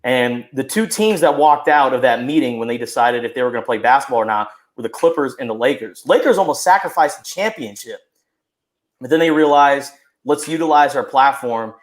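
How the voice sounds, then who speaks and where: A man's voice: medium pitch, lively intonation, a little fast. A man joining a podcast by video call, talking in an exuberant, boisterous way about his team. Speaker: guest. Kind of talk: casual sports chat.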